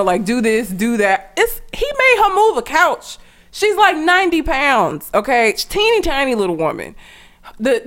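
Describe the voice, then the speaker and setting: Young female co-host, animated and ranty, bright high register, lots of laughter. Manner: animated, laughing, swearing, ranting. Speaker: podcast co-host. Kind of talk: casual chat.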